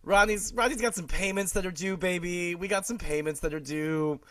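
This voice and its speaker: A man's voice: high voice, moderate pace, fairly bright tone, no echo. A man co-hosting a podcast, bantering playfully and hyping things up. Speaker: podcast co-host.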